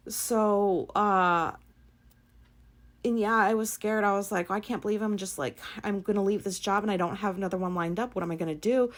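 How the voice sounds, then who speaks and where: A woman's voice: mid-range voice, moderate pace. A woman, likely, hosting her own show and telling a personal story in a blunt, profane, filler-heavy way. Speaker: podcast host.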